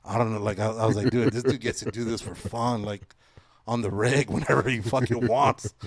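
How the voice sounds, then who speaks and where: A man in his forties hosting a podcast, telling stories in a casual, profane, animated way. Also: mid-range voice, brisk. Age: 40s. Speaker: podcast host. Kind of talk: casual chat.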